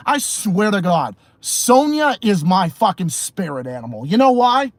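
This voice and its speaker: Profane ranting man, lively voice. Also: high-pitched, unhurried, few pauses, no room sound. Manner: profane, rambling, repeats himself, laughs often. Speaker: podcast host and streamer. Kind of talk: casual ranting livestream talk.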